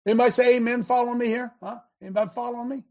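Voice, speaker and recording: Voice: medium pitch, steady tone, very fast, darkish tone. A preacher delivering a dramatic sermon, retelling scripture loosely and calling the congregation to answer amen.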